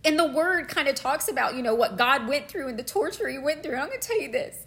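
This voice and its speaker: A woman's voice: high-pitched, lively intonation, fast talker, a bit bright. A middle-aged woman preaching a passionate sermon, fervent and emotional, repeating phrases for emphasis.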